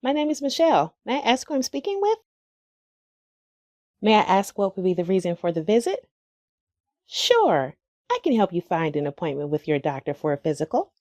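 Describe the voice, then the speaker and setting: A woman's voice: medium pitch, very animated, normal speed, pauses often, darkish tone, dry recording, studio quality. A woman working as a clinic phone receptionist, greeting callers in a polite, formal way.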